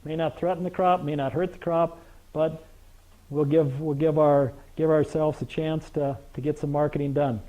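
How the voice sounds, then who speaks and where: A man's voice: fairly high pitch, flat delivery, normal speed. An older man giving a presentation to a live audience, telling folksy stories, joking with the crowd and tossing out rhetorical questions. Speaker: grain marketing presenter. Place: meeting room with an audience. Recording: dull lo-fi recording.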